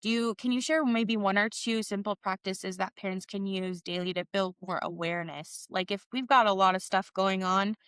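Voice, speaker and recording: Chatty woman podcast host, smooth clear voice, dry sound. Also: mid-range voice, steady tone, normal speed, few pauses, a bit bright, dry recording. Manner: upbeat, chatty storyteller. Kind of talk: interview conversation.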